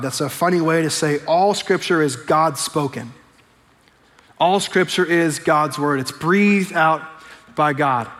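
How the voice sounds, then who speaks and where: Conversational preacher in a reverberant sanctuary. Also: male voice, a little high, fairly bright tone. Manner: conversational preaching, slows and stresses scripture quotes. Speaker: pastor. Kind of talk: sermon. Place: church sanctuary. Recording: long hall reverb.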